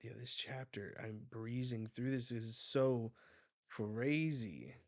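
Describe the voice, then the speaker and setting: A man hosting a casual manga reaction, excitable and a little foul-mouthed as he narrates the panels. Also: medium pitch, slow pace, dry recording. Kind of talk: casual live reading reaction.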